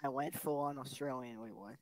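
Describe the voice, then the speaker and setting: A man's voice: medium pitch, fairly quick, dry recording. A man joking around while gaming with friends over voice chat. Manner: joking, animated. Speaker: gamer friend.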